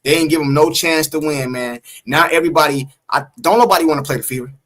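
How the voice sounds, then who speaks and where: Talking fast in a fairly high, fairly bright voice, a male sports talk co-host works through a casual post-game stream. He reads the chat, speaks emphatically, repeats himself to make his points and teases the viewers.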